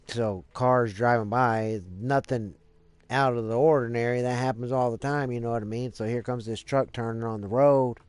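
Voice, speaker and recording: A man's voice: mid-range voice, fairly even intonation, normal speed, darkish tone, clear, resonant tone, no room sound. A man live streaming, telling a story in a rambling casual way, cursing freely and leaning on lots of fillers. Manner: rambling, profane, many fillers.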